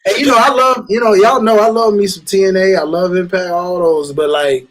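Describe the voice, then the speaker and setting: A man guesting on a casual wrestling review chat, laid-back and chuckling, who often chimes in with quick agreement. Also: high-pitched, steady tone, a bit bright, rough recording. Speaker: guest co-host.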